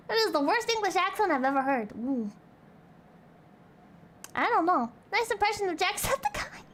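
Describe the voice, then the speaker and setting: A young woman streamer in casual chat, reading out donations, playful and crude and rambling. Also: high voice.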